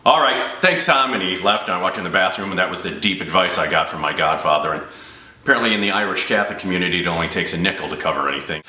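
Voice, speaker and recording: A man, an improv comedian, doing a stand-up audition set with deadpan storytelling. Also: deep voice, rapid-fire. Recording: roomy echo.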